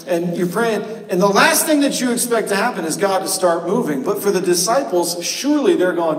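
A pastor preaching a sermon in a church sanctuary, conversational and joking. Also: male voice, sits high, lively intonation, fairly quick, hardly any pauses, recorded from a distance. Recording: cavernous echo from a live stream, voice from afar.

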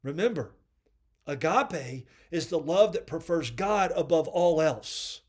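Guy with a high voice preaching earnestly on his devotional podcast. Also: lively intonation, slow, a little mellow. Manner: earnest preaching, reads quotes then comments. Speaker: podcast host.

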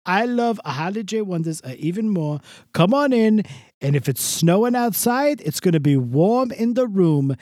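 An effusive older man gushes in broken, fond phrases, as a man puts him on. His pitch swoops up and down with lively energy. The sound is dry and close, with no room around it. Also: moderate pace, no echo. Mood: gushing.

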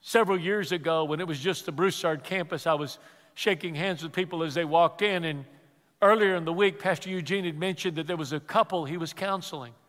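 Bright-voiced pastor preaching in a reverberant hall. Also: male voice, on the high side, brisk. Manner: storytelling, repeats words, drops to a hush for quoted grief. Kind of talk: sermon.

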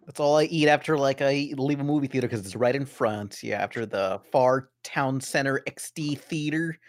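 Male podcast co-host, mid pitch, dry close sound, rambling nostalgic chatter. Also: moderate pace, dry recording. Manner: laid-back, rambling, nostalgic asides. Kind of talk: casual chat.

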